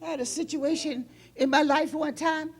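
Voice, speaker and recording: A woman pastor preaches in church at a moderate pace, her intonation fairly even overall. She swings between loud, emotional outbursts and hushed, low passages.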